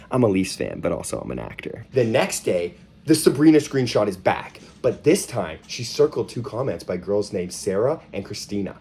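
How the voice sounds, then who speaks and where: Young man, from Toronto, comic storyteller, deadpan asides, lively swooping pitch. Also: moderate pace, creaky, few pauses. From Toronto, Canada. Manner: wry, deadpan asides with sudden animated punches. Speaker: comedian. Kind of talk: stand-up style storytelling to camera.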